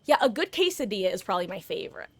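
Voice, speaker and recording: A woman's voice: medium pitch, very fast. A woman live-streaming a game, chatting casually and rambling through stories to her viewers. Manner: chatty, rambling, animated with sudden shrieks. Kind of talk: casual live-stream chat while gaming.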